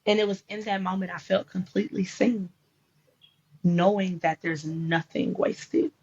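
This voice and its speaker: A woman's voice: medium pitch, steady tone, a little slow, darkish tone, slightly rough. A woman life coach talking about faith and grief in an emphatic, preacherly storytelling way. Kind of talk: faith-based conversation. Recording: dull lo-fi sound.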